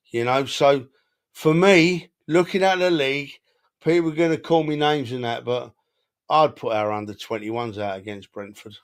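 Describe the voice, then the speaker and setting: A man's voice: medium pitch, moderate pace, clean tone. A man co-hosting a football podcast, talking emotionally and animatedly, often repeating himself. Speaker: podcast co-host. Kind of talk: casual football chat.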